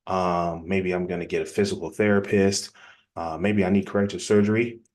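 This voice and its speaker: A man giving a casual, energetic sales-coaching presentation in a plainspoken, conversational way. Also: low-pitched. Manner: energetic, acts out quick example dialogues. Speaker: business coach.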